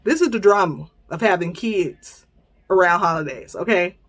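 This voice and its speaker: With a voice on the low side and a normal speaking pace, a woman hosting a podcast relates a personal story to her audience. She laughs as she goes, keeping things casual and animated while acting out what she said.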